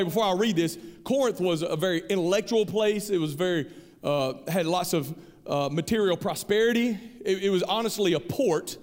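A man's voice: sits high, darkish tone. A man preaching a sermon as pastor, earnest and conversational, often repeating himself. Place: large church hall. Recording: reverberant hall.

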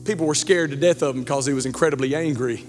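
A man, preaching a sermon as pastor, animated and joking, stumbling over words. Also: mid-range voice, fast. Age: 40s. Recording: church hall reverb with faint music.

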